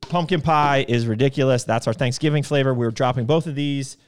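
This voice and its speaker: A man with a mid-pitched voice runs through upcoming product launches in a loose, casual way. He talks with joking asides and quick interruptions, like a regular host chatting with a co-worker. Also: clean tone.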